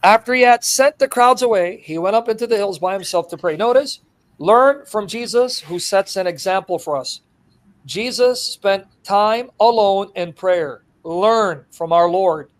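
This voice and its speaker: Here a high-voiced male preacher delivers an expository sermon at a measured pace, animated throughout. He acts out the scenes as he retells them, laughs along the way, and alternates quiet asides with loud, excited bursts.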